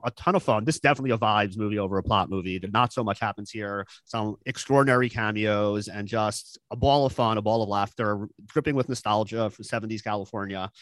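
A man on a podcast recommending movies in casual chat, earnest and halting, with many fillers and restarts. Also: lowish voice, a bit bright, dry recording.

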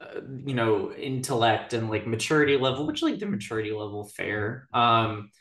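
A woman co-hosts a podcast in a loose, casual chat, her deep bass voice expressive and fairly bright in tone at a moderate pace. Chatty by nature, she keeps filling her sentences with "like". The room sounds echoey.

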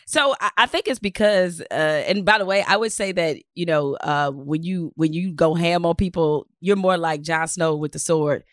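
A woman's voice: fairly low pitch, normal speed, few pauses, no echo, clean studio sound. A woman hosting a podcast, asking questions with playful, joking asides. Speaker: podcast host. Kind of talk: casual interview chat.

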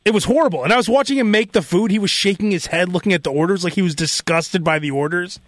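A man, hosting a radio show and telling a story in casual, animated chat, imitating the people in it. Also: high voice, quick pace, no echo. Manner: animated, mimics people in quotes. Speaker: radio host. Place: radio studio.

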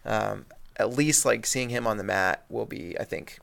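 Man, gravelly voice, casual sports podcast, rambling delivery. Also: lowish voice, normal speed, a bit bright. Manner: rambling, many fillers and restarts. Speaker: podcast co-host.

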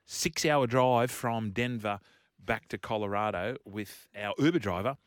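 A man on radio, chatting casually and telling a lively story with frequent laughs. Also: lowish voice, a little slow, no echo, clean studio sound. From Australia. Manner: animated storyteller, laughing often. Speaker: radio host. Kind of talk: casual chat. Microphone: studio microphone.

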